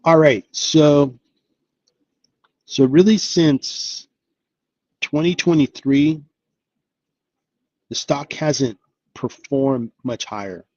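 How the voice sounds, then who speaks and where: A man's voice: a little high, very slow, pauses often, a little mellow, no echo, muffled recording. Chatty man hosting a stock live stream. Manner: chatty, upbeat, thinks aloud with many fillers. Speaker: investing channel host. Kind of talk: casual live-stream commentary.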